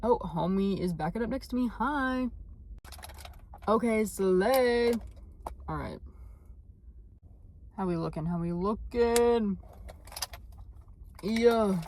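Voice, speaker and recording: A woman's voice: mid-range voice, slow, pauses often, a little mellow, slight background noise. A young woman chatting casually to her phone camera in a vlog, bubbly and gushing, full of slang. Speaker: vlogger.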